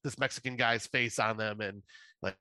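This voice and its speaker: A male podcast co-host retells a film plot in loose, rambling sentences padded with fillers. His voice is bright and forward. The recording is dry and close, with no room sound. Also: fairly low pitch, fairly even intonation, normal speed, dry recording. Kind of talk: casual chat.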